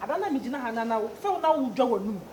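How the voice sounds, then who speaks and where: A woman in a comedy skit who argues fast and trips over her own words. Her voice sits high and the talk rushes along. The room around her rings with a clear echo. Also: animated. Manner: quick, stammering and arguing. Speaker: comedy actor. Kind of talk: Ghanaian comedy skit acting. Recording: echoey room with faint background noise.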